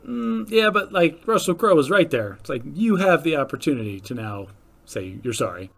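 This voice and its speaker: A man's voice: fairly high pitch, normal speed, vocal fry. A man co-hosting a podcast, rambling animatedly and joking, full of "like" fillers. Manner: animated, rambling, jokey with frequent "like". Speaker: podcast co-host. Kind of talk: casual chat.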